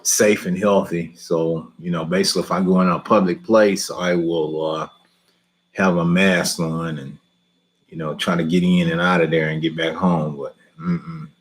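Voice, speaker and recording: A man hosting a live lawn care question and answer stream, chatting easily, chuckling often and repeating himself. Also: rumbling low.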